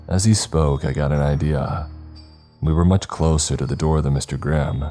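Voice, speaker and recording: Very deep-voiced man narrating horror. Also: fairly even intonation, mellow, faint music behind. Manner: slow, measured storytelling.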